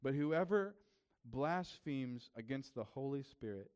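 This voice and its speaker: Smooth-voiced young male pastor preaching. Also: mid-range voice, animated, a little slow, a little mellow. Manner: casual, conversational preaching with many fillers. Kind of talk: sermon.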